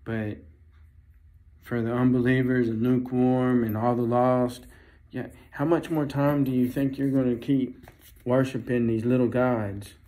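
A man giving a fervent religious vlog monologue, halting and repeating phrases as he warns his viewers. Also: mid-range voice, level tone, mellow. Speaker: Christian video preacher.

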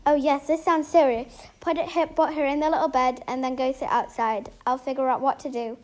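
A woman voicing a calm doctor in a game role-play story, talking in a matter-of-fact, gently advising way. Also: high-pitched, a little fast, lightly acted. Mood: concerned. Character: calm doctor breaking bad news.

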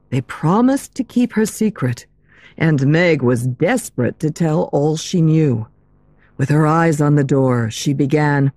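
Woman storyteller for learners, lowish voice, slow, lively intonation, dry close sound. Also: no room sound. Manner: slow, clear, expressive reading. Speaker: narrator. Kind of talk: graded-reader story narration for English learners.

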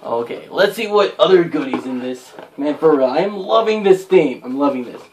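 A young man excitedly gushing as he unboxes a subscription crate, full of "oh my gosh" and filler words. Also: fairly high pitch, moderate pace, slight background noise. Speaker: unboxing vlogger. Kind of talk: casual unboxing commentary.

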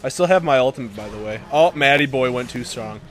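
A man chatting casually over his own online match, joking, laughing often and shouting at big plays. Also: medium pitch, quick pace. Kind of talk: casual gaming chat.

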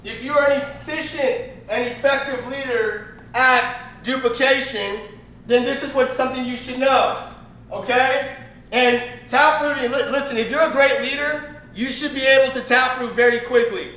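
A man's voice: very high-pitched, moderate pace, pushed and bright. A man giving a casual, rambling training talk on network marketing, emphatic and repetitive with many fillers and restarts. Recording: roomy echo.

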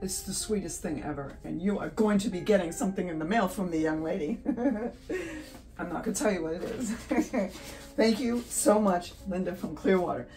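A woman's voice: lowish voice, fast talker, few pauses, a little mellow, far from the mic. A chatty, giddy woman talks casually as she paints in her home studio, laughing easily between thoughts. She sits a little back from the mic, and faint guitar music plays underneath her voice. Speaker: art channel host. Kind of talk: casual chat while painting.

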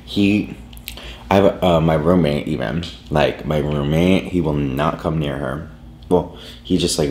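A man with an extremely low voice rambles through a casual story, full of "like" and restarts. His talk sounds loose and unscripted. The room around him is echoey. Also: a little mellow. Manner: rambling, filler-heavy, lots of "like". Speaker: vlogger.

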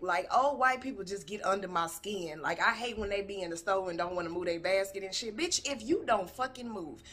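A woman hosting a reaction video in casual commentary. Her voice is bright and forceful, with a husky edge. She speaks bluntly, swears freely and sounds exasperated throughout. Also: lowish voice.

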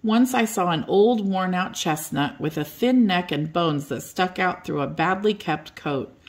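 An older woman reading a children's bedtime story aloud in a gentle, expressive way. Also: lowish voice, measured pace.

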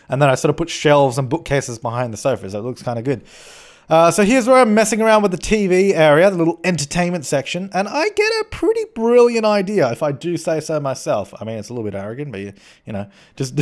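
Young male game-channel host, fairly high voice, rambling self-mocking commentary. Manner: chatty, rambling, self-mocking, frequent restarts. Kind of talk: voice-over commentary on a building game.

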